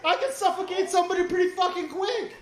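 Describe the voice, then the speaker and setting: Stand-up comic, man in his forties, very high voice, profane rambling delivery, echoey studio room. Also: quick pace. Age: 40s. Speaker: stand-up comedian. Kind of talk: stand-up set. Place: small comedy studio stage.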